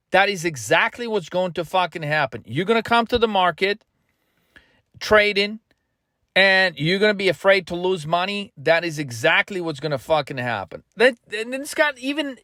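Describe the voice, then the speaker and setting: A man with a high voice delivers a blunt, pushy motivational rant as a trading coach. He swears constantly. The sound is dry and close, with no room echo. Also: sharp tone. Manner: blunt, heavily profane, pushy.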